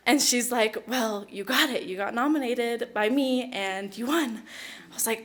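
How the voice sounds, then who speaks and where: A woman's voice: fairly high pitch, a little slow, a bit bright. A teenage girl who speaks at home, giving an award acceptance speech, emotional and close to tears, with giggles. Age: teens. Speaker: award recipient. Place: awards event hall.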